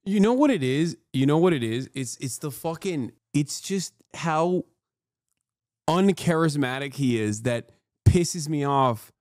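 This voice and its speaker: A man's voice: on the high side, expressive, unhurried, darkish tone, no room sound, studio quality. A male streamer giving live reaction commentary in a profane, sarcastic, ranting manner. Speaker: streamer, host.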